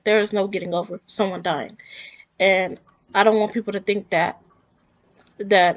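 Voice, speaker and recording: A woman's voice: medium pitch, steady tone, normal speed, dry recording. Earnest woman talking about grief. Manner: earnest, rambling, emotional. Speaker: vlogger. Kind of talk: personal talk to camera about grief.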